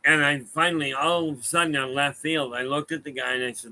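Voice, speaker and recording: Bright-voiced man telling rambling stories. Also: on the high side, steady tone, quick pace, few pauses, poor audio. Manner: rambling, anecdotal, self-correcting. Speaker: medium giving a talk. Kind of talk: casual storytelling talk to a room and online viewers. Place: room with a live audience.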